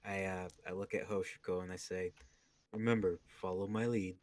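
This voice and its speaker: A man playing a character in a tabletop role-playing game, speaking in a measured, formal way. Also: low voice, little pitch movement. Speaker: player.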